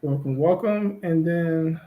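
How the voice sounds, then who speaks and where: Male online show co-host, somewhat high-pitched, relaxed and casual. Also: slow pace, phone-quality sound. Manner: relaxed, easygoing, many fillers.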